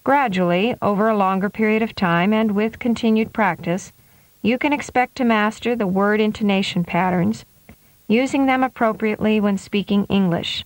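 A woman with a mid-range voice reads course instructions clearly and deliberately. The sound is dry and close, recorded in a studio. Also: mid-range voice, no echo. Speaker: pronunciation instructor. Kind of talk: scripted instructional narration.

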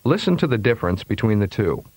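Man, low-pitched voice, measured precise delivery, scripted lesson narration, dry studio sound. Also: big pitch swings, a little mellow, breathy edge, no room sound. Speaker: pronunciation instructor.

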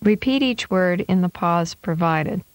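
A woman reads a scripted pronunciation lesson, pronouncing each drill word slowly and with clear stress. Her voice sits a little low for a woman, and the recording is dry and close, with no room sound. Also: lively intonation, dry recording. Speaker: pronunciation instructor.

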